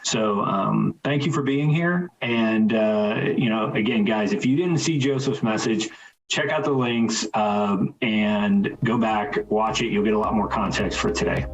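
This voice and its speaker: A podcast host with a low voice, talking in a relaxed and thoughtful way and pausing on fillers. The recording sounds dull and lo-fi. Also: male voice. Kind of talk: casual conversational interview.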